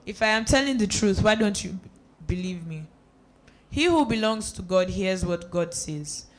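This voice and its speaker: Steady voice reading scripture aloud. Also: medium pitch, normal speed. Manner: steady reading with small slips and restarts. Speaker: scripture reader.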